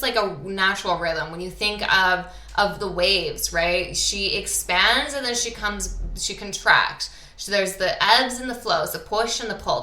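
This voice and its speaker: With a bright, forceful, medium-pitched voice in a reverberant recording, a podcast host from Canada talks about spiritual subjects. She's enthusiastic and chatty, leaning on many fillers.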